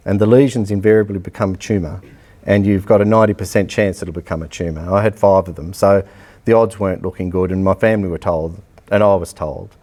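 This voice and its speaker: A middle-aged Australian man gives a coaching lecture, telling his story in a blunt, lively way. His voice sits fairly low and sounds dark and mellow. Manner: blunt, animated storytelling with acted-out dialogue and laughter. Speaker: athletics coach. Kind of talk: public lecture, personal story.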